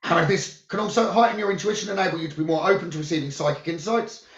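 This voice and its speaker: A man who works as a psychic medium, giving calm, soothing spiritual guidance about the new moon, crystals and journaling. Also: high voice, rapid-fire. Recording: roomy, dull lo-fi sound.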